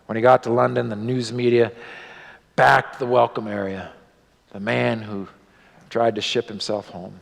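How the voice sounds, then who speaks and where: A male pastor telling a story in a sermon, animated, his voice rising and dropping for drama. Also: mid-range voice, a little slow, gravelly, pauses often. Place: church sanctuary. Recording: long church hall reverb.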